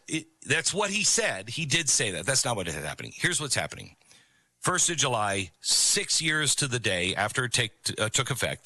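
A man's voice: medium pitch, sharp tone, no echo. A man hosting a talk radio show, talking casually with lots of fillers and restarts and mocking others with sarcastic quotes. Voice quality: conversational, many fillers and restarts. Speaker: radio host. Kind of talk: talk radio monologue with read ad. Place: studio on a ranch.

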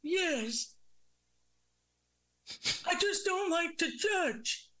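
A coy mystery psychic, as a performer puts on the voice, high-pitched and strangely muffled, as if heard through a bubble. The voice is of unclear sex and gives evasive, teasing answers. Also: expressive, extremely slow, a bit bright, heavily acted. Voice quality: muffled, distorted-sounding voice.

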